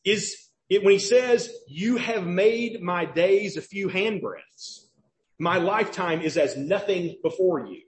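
A man's voice: sits high, expressive, slow pace. A man with a Southern US accent preaching a sermon as pastor, emphatic and questioning, repeating key phrases.

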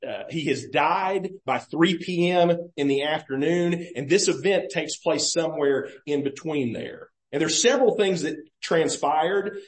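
A male pastor preaching in a roomy church, his voice echoing around the hall. He talks in an easy, conversational way, with a lively pitch that keeps rising and falling as he puts questions to the listeners. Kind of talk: sermon. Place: church sanctuary.

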